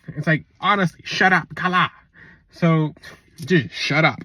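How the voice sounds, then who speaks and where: A man's voice: on the high side, measured pace, bright, forceful tone, no room sound. A man talking in a casual spiritual vlog, blunt and rambling, on a close mic. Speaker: spiritual content creator.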